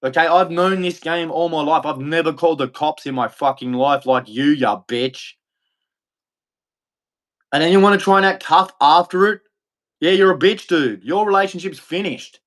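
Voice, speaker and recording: A man's voice: fairly high pitch, normal speed, a bit bright. An Australian man livestreaming an angry, profane rant, repeating insults over and over. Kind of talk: angry ranting monologue.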